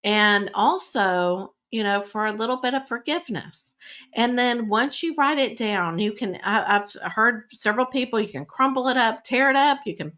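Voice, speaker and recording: A woman's voice: a little high, moderate pace, a bit bright. A woman speaking in a casual podcast, giving spiritual advice in a conversational way, often checking in with "all right?" and laughing lightly now and then. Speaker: spiritual teacher.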